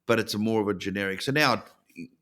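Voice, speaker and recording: A middle-aged man with an Australian accent, a comedian guest chatting casually in an interview, telling stories with lively restarts. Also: fairly low pitch, fast. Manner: lively storyteller with many restarts.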